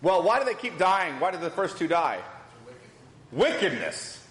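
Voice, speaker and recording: A man's voice: sits high, sing-song, unhurried, fairly bright tone. A man teaching a Bible class, asking the group questions and repeating their answers. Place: church hall. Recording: echoey hall with long reverb.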